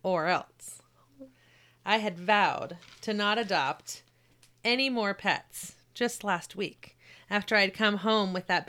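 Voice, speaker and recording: Nurse lady reading her story out loud, does the voices, then chats. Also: mid-range voice. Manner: animated reader who acts out quoted voices. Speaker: podcast co-host reading her own short story; home health nurse. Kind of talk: casual chat and story reading.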